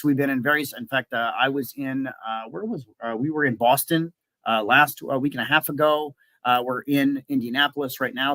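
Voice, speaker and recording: A man's voice: medium pitch, a bit bright, no room sound. A man from southeastern Wisconsin hosting a live business webinar, talking in a casual, upbeat way with lots of "uh" fillers and restarts. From southeastern Wisconsin, USA. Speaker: webinar host and business coach.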